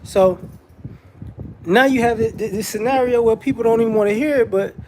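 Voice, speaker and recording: A man's voice: very high-pitched, brisk, a little mellow, a little hiss or hum. A man giving a casual, rambling commentary monologue with frequent restarts and repetitions.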